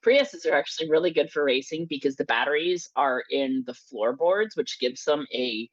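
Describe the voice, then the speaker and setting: A woman's voice: low-pitched, moderate pace, lo-fi sound. A woman co-hosting a podcast, chatting casually, swearing freely and laughing as she tells stories. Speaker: podcast co-host. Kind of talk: casual chat.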